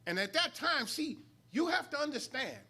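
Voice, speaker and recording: A man's voice: very high-pitched, sing-song, moderate pace, pushed and bright. A middle-aged man from New York, a student minister teaching a sermon-style study lesson, swelling into emphatic peaks and calling out to the congregation. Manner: preacherly, rising emphatic swells and call-outs to the congregation. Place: mosque hall.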